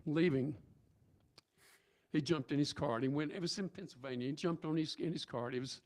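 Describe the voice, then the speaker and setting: A man's voice: on the high side, brisk, a little mellow. Folksy man telling a church story. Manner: folksy storytelling with many restarts and fillers. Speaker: speaker at church service. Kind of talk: storytelling sermon. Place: church sanctuary.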